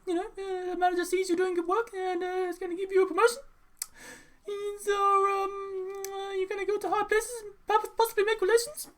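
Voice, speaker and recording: Man doing a pompous cartoon baby, high and nasal, smug teasing, full of ums. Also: little pitch movement, fairly bright tone. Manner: halting with many ums, teasing questions.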